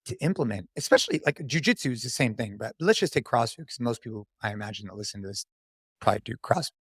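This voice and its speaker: A man in his thirties talks about training with the energy of a coach, saying dude and man. His voice sits in a middle pitch. The sound is dry and close. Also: lively intonation, fast, a bit bright, breathy edge, no echo. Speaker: podcast guest, CrossFit athlete. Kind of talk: casual podcast chat.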